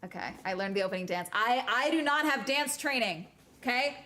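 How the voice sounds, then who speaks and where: A woman's voice: on the high side, expressive, a little fast, pushed and bright. A young woman vlogger chatting casually, rambling and giggling with many fillers. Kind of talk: casual chat. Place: at home after a cruise.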